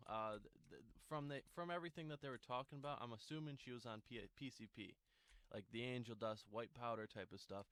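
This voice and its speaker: A man's voice: mid-range voice, a bit bright, no room sound. Young man rambling through a storytime. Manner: rambling, filler-heavy with many "like"s and restarts. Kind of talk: casual storytime monologue.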